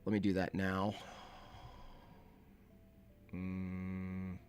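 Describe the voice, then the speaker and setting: Male stream host, low and slow, casual rambling patter. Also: completely flat delivery, a little mellow, soft background music. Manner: rambling, laid-back, talks to himself while setting up. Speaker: livestream host. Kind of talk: casual livestream chat.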